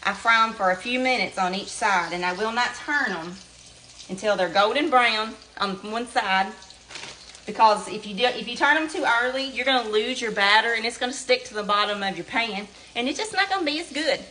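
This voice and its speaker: This Southern home cook, middle-aged and chatty, speaks at normal speed in a slightly high, sharp voice as she demonstrates cooking in her kitchen. She keeps it down-to-earth and addresses viewers as y'all; oil sizzles, and there's a little hiss or hum.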